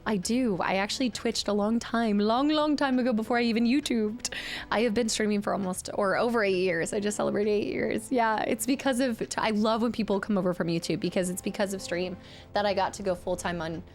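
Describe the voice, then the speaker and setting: A woman livestreamer chatting casually while playing a game, gushing and excitable, thanking viewers by name. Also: medium pitch, brisk, faint music behind. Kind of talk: casual game stream chat.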